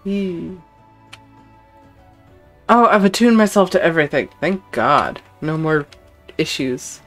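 Playful, unhurried woman streamer. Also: sits low, soft background music. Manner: playful and giggly, reads game text aloud. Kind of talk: casual gameplay commentary.

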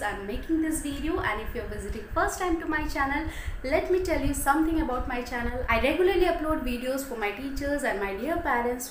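A woman teacher and channel host giving a demo story lesson for young kids in a coaxing, sing-song tone. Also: sits high. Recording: echoey room with faint noise.

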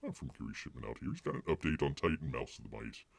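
A man's voice: very deep voice, wildly swooping pitch, fast, gravelly, no echo, studio quality. A man hosting a casual live stream, rambling with lots of filler words and calling himself by name in the third person. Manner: folksy, heavy use of filler words.

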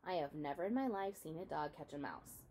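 An older lady from the congregation, mild and impressed, as a woman reading aloud puts her on. Her voice moves in a lively way in a storybook telling. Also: deep voice, brisk, slight background noise.

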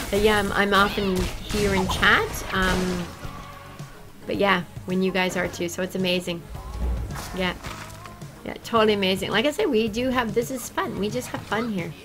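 A woman chatting casually and excitably with her viewers while she plays a game on a livestream. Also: mid-range voice, moderate pace, over music, poor audio. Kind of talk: casual gaming livestream chat.

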